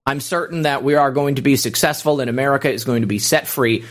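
A man hosting a live stream, reading viewer thank-yous aloud in a brisk, casual way with frequent fillers. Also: mid-range voice. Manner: brisk, reads out names with fillers. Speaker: host.

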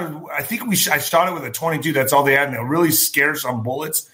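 Rambling, bright-voiced man. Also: fairly high pitch, fairly even intonation, fast talker, hardly any pauses. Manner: rambling, anecdotal, talks straight to listeners as folks. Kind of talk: casual storytelling and news commentary.

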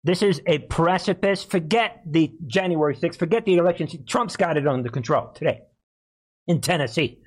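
A man's voice: a little high, animated, normal speed. A man hosting a live-streamed political commentary show, talking emphatically and repeatedly calling out to his viewers. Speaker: host of a political commentary channel.

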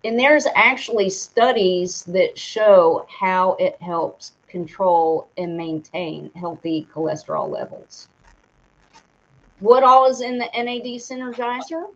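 Slow-talking woman reading a sponsor spot. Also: mid-range voice, steady tone. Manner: reads product details aloud, stumbling over words and laughing at herself. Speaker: co-host reading a sponsor segment. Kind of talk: casual live-stream talk. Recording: dull lo-fi stream audio.

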